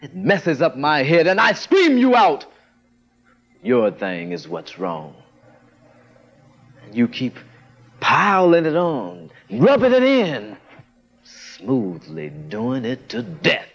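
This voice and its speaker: Male poet, slow dramatic recital, very lively pitch, dull lo-fi recording. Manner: dramatic, swelling and dropping delivery. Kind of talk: spoken word poetry recitation.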